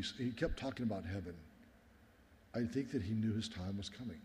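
Brief Low-voiced middle-aged male pastor, echoing hall. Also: moderate pace, darkish tone, a little hiss or hum. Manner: earnest, personal, often addresses listeners as guys. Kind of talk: sermon storytelling. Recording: long hall reverb.

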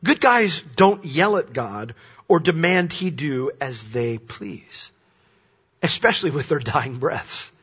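A man preaching a sermon, swinging between loud, emphatic points and quiet, hushed asides. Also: fairly high pitch, lively intonation, slow pace, breathy edge. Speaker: pastor. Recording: dull lo-fi sermon recording.

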